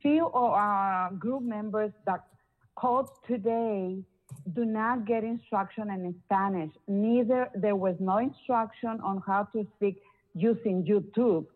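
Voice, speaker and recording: Woman caller, earnest, halting delivery, tinny phone sound. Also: mid-range voice. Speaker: public caller. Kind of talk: public comment by phone. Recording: phone line.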